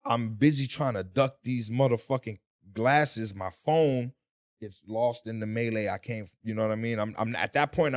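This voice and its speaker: A man telling his story as a guest in a casual interview, with profanity and voices he imitates. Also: medium pitch. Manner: animated, profane storytelling with mimicked voices and shouting.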